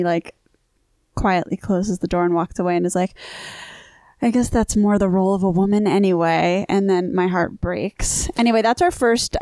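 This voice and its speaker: A woman in casual conversation about anime, eager and emphatic, making quick points. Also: lowish voice, darkish tone, dry recording.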